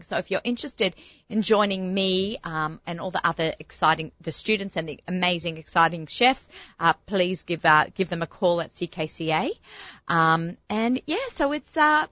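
Bubbly woman hosting a chat show, bright tone, kinda dull lo-fi sound. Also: medium pitch, no echo. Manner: chatty, excitable, lots of fillers. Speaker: show host.

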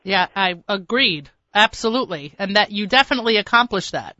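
Effusive woman radio host, bright forceful voice, dry slightly dull lo-fi sound. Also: mid-range voice, expressive, fairly quick, no echo. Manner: effusive, enthusiastic. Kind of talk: radio interview.

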